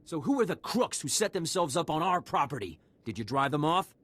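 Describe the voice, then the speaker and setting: A stubborn settler in a video game, firm and defensive. His speech rises and falls in a lively way as he stands his ground. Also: a little high, brisk. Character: stubborn male settler guarding his land claim.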